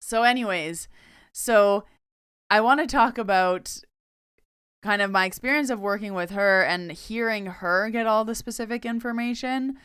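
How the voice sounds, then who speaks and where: A woman's voice: medium pitch, moderate pace, fairly bright tone, clean tone, dry recording. Chatty young woman telling a story on her podcast, says like a lot, very clean dry mic. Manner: chatty, lots of "like" and quoted dialogue. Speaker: podcast host and medium. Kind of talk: casual storytelling monologue.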